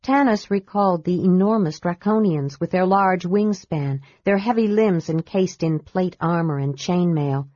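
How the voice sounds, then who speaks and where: Audiobook narrator: woman, low-pitched, measured, dry dull sound. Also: warm tone, no room sound. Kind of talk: scripted fantasy narration.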